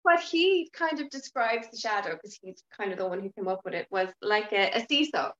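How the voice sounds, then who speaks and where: A woman talking as a podcast guest in casual interview chat, frank and lively, swearing now and then. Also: mid-range voice, brisk, roomy sound, lo-fi sound. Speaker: podcast guest, yoga teacher.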